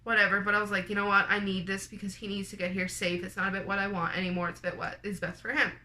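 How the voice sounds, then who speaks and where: Bright-voiced young woman telling her story. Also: mid-range voice, little pitch movement, rapid-fire. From Canada. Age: young adult. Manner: chatty, lots of "like", quoted dialogue. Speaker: vlogger. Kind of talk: personal storytelling to camera.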